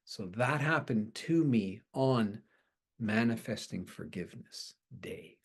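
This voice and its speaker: Man, interview guest, husky voice, gravelly fry, halting personal story. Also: mid-range voice, animated. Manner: slow, hesitant, with restarts and soft trailing phrases. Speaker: astrology teacher and practitioner.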